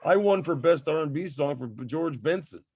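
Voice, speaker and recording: A man in his sixties, a musician guest, telling stories in casual, profane, animated chat. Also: on the high side, moderate pace, slightly rough. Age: 60s. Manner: profane, animated storytelling with voiced asides.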